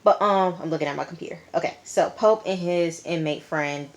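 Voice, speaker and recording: A woman recapping a TV episode in a relaxed, chatty way. Her voice sits low, and she talks in slang with emphatic asides and lots of fillers. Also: a little fast. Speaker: TV show reviewer.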